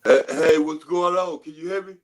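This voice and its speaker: High-voiced man heckling on a call. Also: normal speed, darkish tone. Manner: teasing, repetitive heckling. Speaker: call-in guest. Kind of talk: trash-talking podcast banter.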